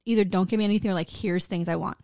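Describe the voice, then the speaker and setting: A woman co-hosting a podcast, speaking into a microphone in a dry, close sound. She tells animated stories with plenty of swearing and jokes about herself. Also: medium pitch, rapid-fire, no echo. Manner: animated, profane, self-mocking storytelling. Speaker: podcast co-host. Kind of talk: casual chat.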